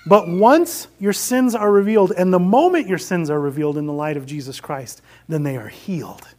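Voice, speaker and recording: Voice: mid-range voice, lively intonation, brisk, darkish tone. A preacher giving a sermon, retelling a story and exhorting the congregation. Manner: earnest, exhorting.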